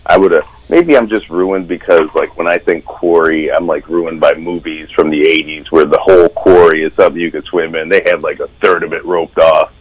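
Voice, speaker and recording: A man's voice: a bass voice, steady tone, normal speed, few pauses, rough recording. A man telling sardonic stories in a casual podcast chat. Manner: sardonic storyteller.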